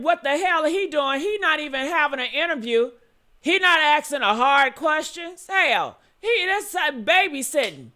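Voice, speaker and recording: A woman giving heated, cursing reaction commentary on an interview, yelling at times. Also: high-pitched, expressive, normal speed. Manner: angry, yelling and cursing, then apologetic.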